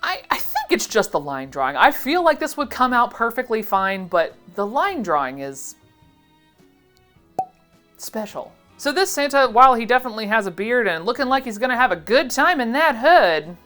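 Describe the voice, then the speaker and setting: A woman's voice: mid-range voice, a bit bright. A young adult woman giving a casual, sarcastic reaction commentary as a vintage seller vlogger. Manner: playful, sarcastic asides.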